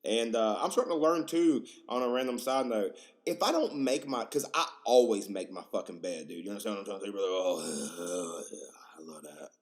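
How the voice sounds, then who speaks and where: A man in his twenties hosting a podcast, rambling casually, swearing a lot and getting excited. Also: medium pitch, fast. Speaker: podcast host.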